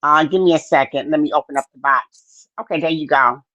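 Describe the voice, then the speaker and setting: A chatty woman hosts a live-stream podcast, rambling with plenty of fillers and stopping to greet viewers by name. Her voice sits a little low, and the sound is dry and dull, like a cheap lo-fi mic. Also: fairly even intonation, a little fast, pushed and bright, no echo. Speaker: podcast host. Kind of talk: casual live-stream chat.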